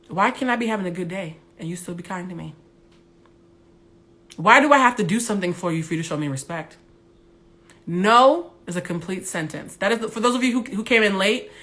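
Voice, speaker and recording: A young adult woman with a big, loud voice, hosting a candid livestream monologue on her phone, blunt and animated, with some profanity. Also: fairly low pitch. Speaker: Instagram Live host.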